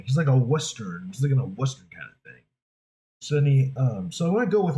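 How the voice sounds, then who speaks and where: A man's voice: medium pitch, big pitch swings, fairly quick, dark tone, rough recording. A man from New York, a voice actor, chatting casually and thinking aloud with many fillers. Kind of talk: casual talk to camera.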